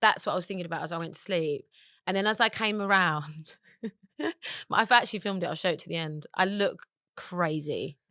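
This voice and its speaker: A woman, a podcast guest telling a personal story in candid, animated chat, often laughing and acting out what people said. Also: on the low side, moderate pace, dry recording, studio quality. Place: podcast studio.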